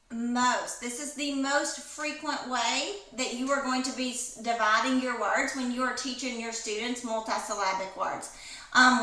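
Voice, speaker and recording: A woman's voice: a little high, pushed and bright. A woman literacy trainer giving an instructional presentation to teachers over a video call, explaining step by step. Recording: echoey room, distant from mic.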